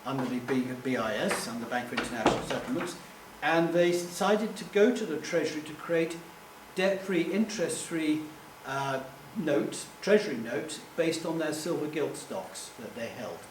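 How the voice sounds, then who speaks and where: A man gives a rambling, self-deprecating live talk in a fairly high voice. He is picked up from a distance in an echoey hall. A faint hum runs underneath. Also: expressive, normal speed, few pauses. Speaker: public speaker.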